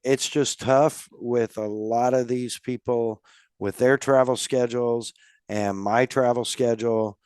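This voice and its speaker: A man hosting a casual podcast chat, with a slightly nasal voice and a relaxed, rambling way of talking full of fillers. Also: medium pitch, measured pace, clean tone, dry recording, clean studio sound. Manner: laid-back, rambling with many fillers. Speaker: podcast host.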